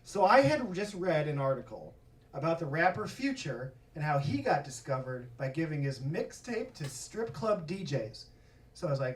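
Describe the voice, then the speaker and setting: A man's voice: a little high, moderate pace, a little hiss or hum. A man doing stand-up, telling a story and acting out the voices of the people in it, swearing freely. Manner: animated, acts out quoted voices, swears freely. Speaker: stand-up comedian. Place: comedy stage before a live audience. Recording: echoey room from far off, audience laughter.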